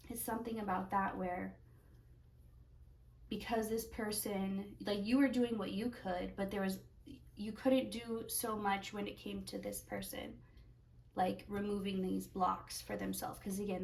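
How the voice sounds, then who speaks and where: A woman's voice: mid-range voice, gravelly, far from the mic, low-quality recording. A woman giving a pick-a-card tarot reading, talking in a rambling way as she searches for words. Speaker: tarot reader.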